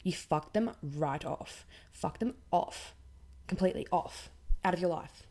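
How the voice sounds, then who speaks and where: Young Australian woman, low and mellow, blunt sweary podcast rant. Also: a little slow. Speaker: podcast host. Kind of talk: casual ranting monologue.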